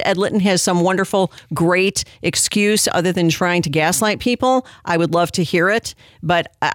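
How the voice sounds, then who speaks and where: A woman's voice: lowish voice, no echo, studio quality. A woman hosting a commentary show, reacting to played clips with sarcastic, indignant criticism.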